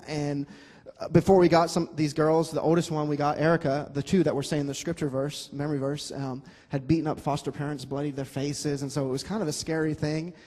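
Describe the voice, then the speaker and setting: A man with a slightly raised voice tells his testimony animatedly, throwing in jokes as he goes. His words ring with a long reverb through a church hall. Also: fairly high pitch. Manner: animated, joking storyteller. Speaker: guest sharing his testimony. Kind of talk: personal testimony talk.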